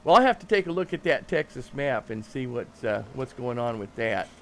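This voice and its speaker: A man's voice: medium pitch, expressive, normal speed, a little hiss or hum. A man streaming a farming game, chatting casually and rambling with fillers and chuckles. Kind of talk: casual live-stream chat.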